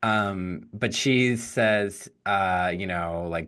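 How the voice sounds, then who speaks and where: A young man with a fairly low voice talks casually as a podcast co-host, recapping an old animated film. He fills his talk with ums and likes, and slips briefly into characters' lines. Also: very slow, clear, resonant tone. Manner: chatty, lots of fillers, acts out quotes in passing.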